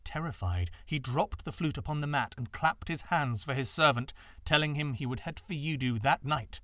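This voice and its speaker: A man narrating folktales in an expressive, dramatic reading. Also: on the high side, moderate pace, dry recording, studio quality. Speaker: storyteller. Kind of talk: scripted storybook narration.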